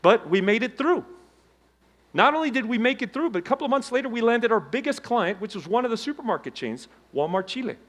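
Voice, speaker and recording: A middle-aged man giving a motivational keynote on stage, telling his story with dramatic swings between loud emphasis and hushed low tones. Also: expressive, a little fast. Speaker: keynote speaker. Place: conference stage before a live audience.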